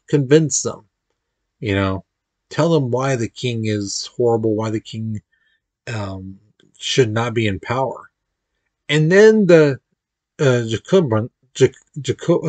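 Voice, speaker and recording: A man gives a relaxed history lecture, talking casually and slipping into playful voices when he quotes people. His voice sits in a middle range and the recording is close and dry, with no room echo. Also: medium pitch. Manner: informal, chatty, acts out quotes with playful voices. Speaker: history teacher.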